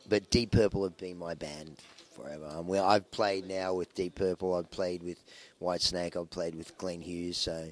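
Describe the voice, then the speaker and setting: Male rock musician, very low voice, loose anecdotal interview talk full of fillers. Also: steady tone, normal speed, few pauses. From Australia. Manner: rambling, anecdotal, with many fillers and restarts. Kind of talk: casual interview storytelling.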